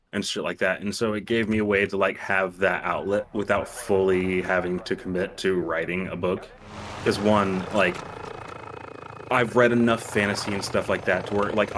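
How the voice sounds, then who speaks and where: A young man with a lowish voice tells stories in a loose, rambling way. He laughs often and swears freely as a stream co-host. A little faint hiss sits under the recording. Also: a bit bright. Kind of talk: casual chat.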